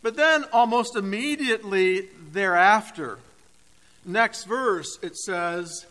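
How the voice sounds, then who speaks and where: A male pastor delivers his sermon in a high, bright voice, stretching key words and pausing for weight. His unhurried, emphatic phrasing rings out across a church sanctuary with long reverb. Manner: emphatic, deliberate preaching with dramatic pauses. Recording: reverberant hall.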